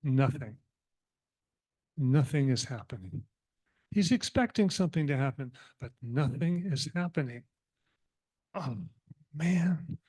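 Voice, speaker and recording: A man giving a sermon as minister, telling a parable in an animated, humorous and reflective way. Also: mid-range voice, unhurried, long pauses. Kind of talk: storytelling sermon.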